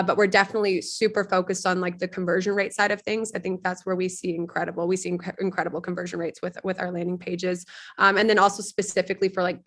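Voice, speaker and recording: Husky-voiced young woman guest. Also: fairly low pitch, fairly bright tone. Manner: quick, filler-heavy talk with many restarts. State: husky from a cold. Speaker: podcast guest, partnerships lead. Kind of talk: casual business chat.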